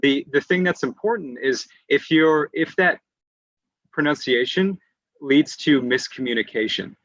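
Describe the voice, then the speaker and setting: Brief: male English teacher, patient online lecture full of "um"s, bright tone, dry and slightly muffled call audio. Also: medium pitch, unhurried, dry recording. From United States. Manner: patient explainer who often restarts phrases and fills with "um".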